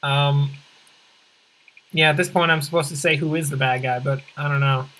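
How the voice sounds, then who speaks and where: A let's play host giving casual gameplay commentary with rambling, deadpan absurd humor, often correcting themself and swinging pitch and pace for comic effect. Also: moderate pace, rough recording.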